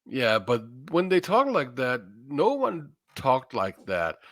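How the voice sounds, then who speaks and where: A man guesting on a casual review chat speaks slowly and in a measured, opinionated way. His pitch moves around a lot, and the sound is dry and close. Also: wildly swooping pitch, a bit bright, no echo.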